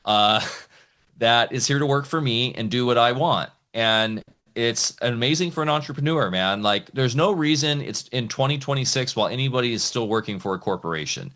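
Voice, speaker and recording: Man, mid-pitch, podcast guest; eager, rambling, casual. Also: normal speed. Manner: excited, rambling, talks in bursts with many restarts.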